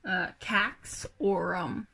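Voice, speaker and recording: Young woman, casual vlog chat, hesitant, sighing, unhurried delivery. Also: medium pitch, vocal fry, bright, forceful tone, breathy edge. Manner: rambling, hesitant, many fillers and sighs. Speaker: vlogger. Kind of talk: casual personal vlog talk.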